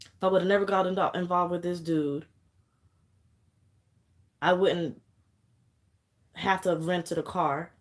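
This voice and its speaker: A woman's voice: lowish voice, steady tone, measured pace, pauses often. A young woman venting on camera in an angry, profane vlog rant, fighting back tears. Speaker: vlogger.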